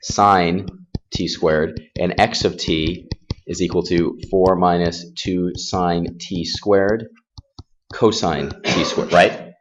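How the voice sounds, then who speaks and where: A man teaching a calculus class in a classroom, casual and self-deprecating, firing quick questions at his students. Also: deep voice, fairly even intonation, highs cut off, slight background noise. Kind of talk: classroom math lesson.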